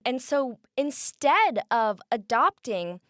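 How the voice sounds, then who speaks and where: Podcast guest, young American woman, chatty and upbeat, crisp close sound. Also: a little high, very animated, takes it slowly, no echo. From United States. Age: 20s. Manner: bubbly, laughs often, many ums. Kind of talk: casual interview chat.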